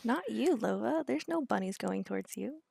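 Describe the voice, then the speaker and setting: A woman's voice: on the high side, expressive, normal speed, gravelly, dark tone, breathy edge. A woman playing a tabletop role-playing game, talking playfully and asking the game master questions. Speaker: player. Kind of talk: casual tabletop play.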